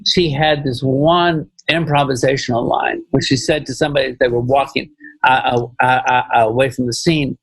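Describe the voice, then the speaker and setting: Husky man, rambling director. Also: mid-range voice, fairly even intonation, normal speed, dry recording, rough recording. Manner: rambling, repeats phrases, many "you know"s. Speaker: film director guest. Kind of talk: casual podcast interview.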